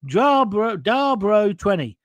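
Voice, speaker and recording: A middle-aged man with a fairly high voice talks with blunt, combative conviction. He mocks his critics as he reads out comments. The sound is close and dry, with no room echo. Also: big pitch swings, slow. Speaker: host of his own online show. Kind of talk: opinionated chat, reading viewer comments.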